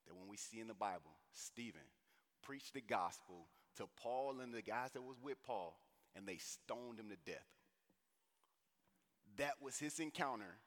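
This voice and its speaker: A man's voice: on the low side, measured pace. Preacher man in a reverberant hall. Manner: animated, conversational preaching with slang. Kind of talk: sermon.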